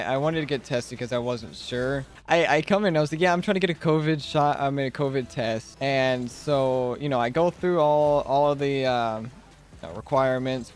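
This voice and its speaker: A man streaming a game, chatting casually with rambling restarts and sudden excited outbursts. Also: medium pitch. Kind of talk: casual live-stream gaming commentary.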